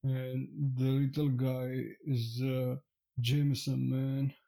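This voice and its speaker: A man's voice: medium pitch, flat delivery, slow pace, gravelly, mellow. A man voicing a laid-back robed brother who tacks "man" onto every phrase, in a tabletop game. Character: Cal, Sasha's laid-back dude brother in a robe.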